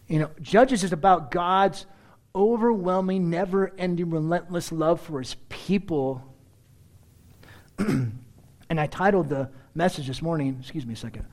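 A middle-aged male pastor preaching a sermon, telling stories in a lively, conversational way and often clearing his throat. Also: on the high side. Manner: animated storyteller, conversational asides, frequent throat-clearing.

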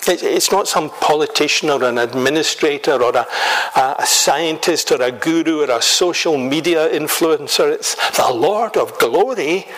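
A man from Scotland preaching a sermon in a measured, emphatic way, building rhetorical lists and questions. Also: a little high, fairly bright tone, rough recording.

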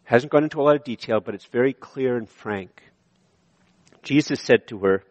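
A Canadian man preaching a sermon, moving between emphatic high points and quiet, slow passages. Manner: animated preaching, shifting from emphatic to hushed. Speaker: pastor. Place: church sanctuary. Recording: long reverb of a large hall.

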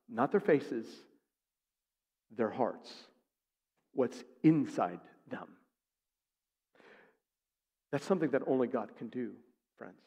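A man's voice: mid-range voice, gravelly, darkish tone. Emphatic male pastor in echoing sanctuary. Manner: emphatic, poses rhetorical questions to the congregation. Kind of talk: sermon. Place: church sanctuary. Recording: long reverb of a large sanctuary.

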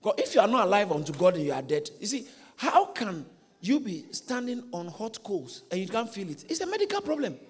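A man's voice: high voice, big pitch swings, brisk, husky. A man preaching as a pastor in a church, telling a story with energy, repeating phrases and putting questions to the congregation. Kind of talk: sermon. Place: church hall. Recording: echoey church hall.

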